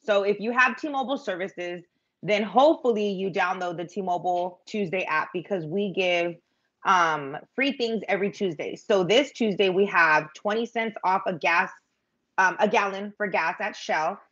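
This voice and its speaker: A woman's voice: medium pitch, moderate pace, a bit bright. Chatty middle-aged woman, lo-fi phone audio. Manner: chatty and rambling, self-mocking, lots of fillers. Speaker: vlogger telling a story. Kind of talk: casual storytelling on a live stream.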